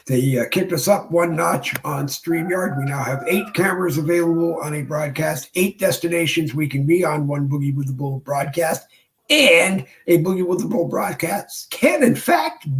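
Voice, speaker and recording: A man hosting his own livestream show, talking casually and rambling with many pauses from his home studio desk. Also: a little high, vocal fry, poor audio. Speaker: show host.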